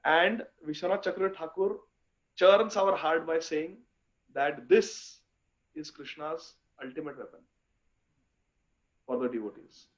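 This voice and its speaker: A man giving a devotional scripture lecture, chanting verses slowly and speaking with fervent emphasis. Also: a little high. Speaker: speaker in a scripture class series. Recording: dull lo-fi recording.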